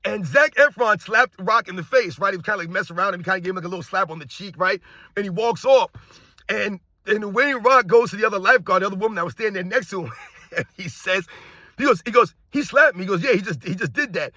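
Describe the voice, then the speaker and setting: Loud ranting man, high and bright. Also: quick pace, dry recording, studio quality. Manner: loud, projecting, animated, combative. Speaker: sports commentary YouTuber. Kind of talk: loud opinionated rant.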